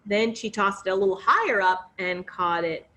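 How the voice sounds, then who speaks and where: A woman telling a fairy tale to children, expressive and coaxing, inviting them to join in. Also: mid-range voice, moderate pace. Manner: expressive, coaxing, sing-song. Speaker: children's storyteller. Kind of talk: interactive read-aloud for children.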